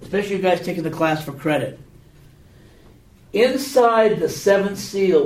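A man's voice: on the high side, darkish tone. A man teaching a Bible class in a casual, conversational way, often checking in with his students through questions. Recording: echoey room, mic far off.

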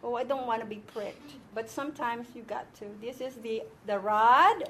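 A woman's voice: a little high, moderate pace, a little hiss or hum. A woman teaching an informal Bible and Hebrew lesson to a small group, explaining step by step and often checking that her listeners follow.

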